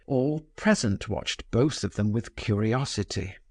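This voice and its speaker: Man narrating a novel, measured and expressive, dry studio sound. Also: fairly low pitch, no echo. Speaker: audiobook narrator. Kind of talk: scripted narration.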